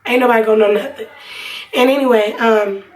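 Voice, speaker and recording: A woman's voice: on the high side, fairly even intonation, fairly quick, far from the mic, a little hiss or hum, low-quality recording. A young woman vlogger telling a personal story in a casual, rambling way with lots of fillers. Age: young adult. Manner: chatty, rambling, many fillers.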